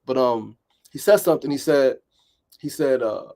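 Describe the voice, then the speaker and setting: A man's voice: mid-range voice, animated, moderate pace, gravelly, warm tone. A middle-aged man hosting a motivational talk, emphatic and repetitive, often asking "right?". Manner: emphatic and repetitive, with frequent "right?" and mild swearing. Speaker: podcast host.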